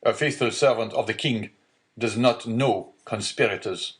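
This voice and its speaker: A man's voice: fairly low pitch, a little slow, lightly acted. A man voicing a stern male magistrate who hides his panic in a read-aloud storybook, with a curt, commanding delivery.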